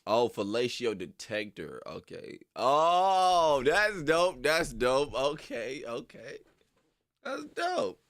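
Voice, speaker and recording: A young man streaming casually to his viewers: loose, slangy, laughing often and jumping into high squeals. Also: very animated, slow pace, fairly bright tone. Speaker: streamer reacting to videos. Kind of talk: casual chat with live viewers.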